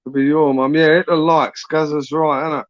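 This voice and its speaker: A man hosts his channel in a loose, rambling live chat, peppering his talk with swearing and "innit". His voice sits a touch high. The sound is dry and a little dull, with no room around it. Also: flat delivery, moderate pace, no echo. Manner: rambling, sweary, frequent tag questions. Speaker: YouTube channel host. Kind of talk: casual live-stream chat.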